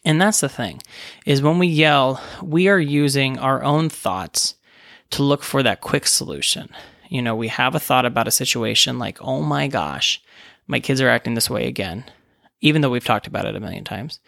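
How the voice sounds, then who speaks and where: A man in his thirties talks through parenting in a relaxed solo chat, tossing in "right?" as he goes and slipping into little voices for the thoughts in his head. His voice is gravelly at a middle pitch, recorded close and dry with no room sound. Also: moderate pace, dry recording. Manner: conversational, frequent "right?" tags, acts out inner voices. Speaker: pediatrician and parenting podcast host. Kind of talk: casual solo talk.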